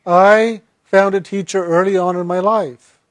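A man's voice: high-pitched, fairly even intonation, a little slow, no echo. A man doing a tearful, boasting soul.

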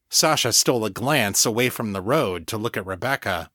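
A man narrating a serial audiobook in a steady, measured way, recorded on a close mic. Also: lowish voice, no echo. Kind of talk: scripted narration.

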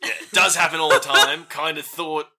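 A man's voice: on the high side, level tone, normal speed, pushed and bright, heavily acted. A man voicing a wary male doorkeeper who stammers through rambling questions. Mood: sheepish. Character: gruff male doorkeeper twin, wary guard.

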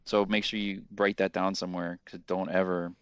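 Low-voiced, deadpan male co-host. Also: normal speed, smooth, no room sound, muffled recording. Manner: dry, deadpan joking. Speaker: podcast co-host. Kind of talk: casual podcast chat.

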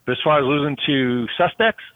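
A man who works as a SWAT canine handler, explaining his unit's training and procedures in a steady, detailed way with frequent fillers. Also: on the high side, brisk, dry recording. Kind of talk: casual podcast chat. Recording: tinny phone-like line, dry.

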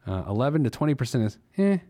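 A man hosts a personal finance podcast, giving money advice in a casual, jokey monologue and laughing at his own silliness. His mid-range voice has lively intonation, a moderate pace and a darkish tone.

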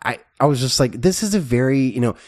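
A man's voice: mid-range voice, lively intonation, fast, a little mellow. A man in his thirties from Texas, co-hosting a casual film review podcast and rambling with many fillers and restarts. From Texas, El Paso. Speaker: podcast co-host.

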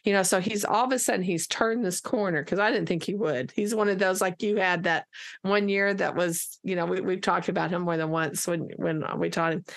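Gravelly-voiced woman teacher telling a story. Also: fairly low pitch, fairly quick. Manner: lively storyteller who acts out dialogue. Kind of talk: casual anecdote in conversation.

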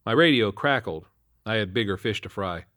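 A man with a low voice reads a first-person supernatural tale in an earnest, matter-of-fact manner. The sound is close and completely dry, with no room around it. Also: lively intonation, moderate pace, sharp tone, dry recording. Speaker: narrator. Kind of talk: first-person horror story narration.

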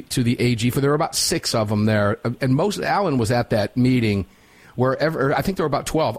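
Upbeat male talk radio host. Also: medium pitch. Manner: upbeat, chatty, folksy. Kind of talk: talk radio hosting with live ad reads.

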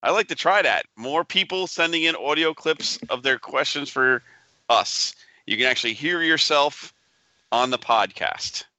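A man co-hosts a casual podcast in a cheerful, enthusiastic way. His voice is slightly high and bright, with a lot of pitch movement, and it is recorded close and dry. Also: animated, a little slow, no room sound. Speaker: podcast co-host.

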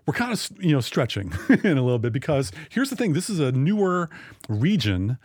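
A man's voice: mid-range voice, very animated, brisk, a little mellow, dry recording. Joking man co-hosting a podcast. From Pacific Northwest of the US. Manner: jokey, rambling, self-correcting. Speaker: podcast co-host. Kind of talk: casual chat.

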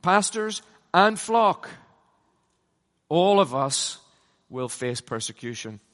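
A middle-aged man preaching from a stage in a large conference hall, his voice sitting a little high for a man. He is emphatic, pushing up to loud passionate peaks, then sinking low and quiet to land a point. A long reverb trails after each phrase. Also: sing-song, slow. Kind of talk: conference sermon.

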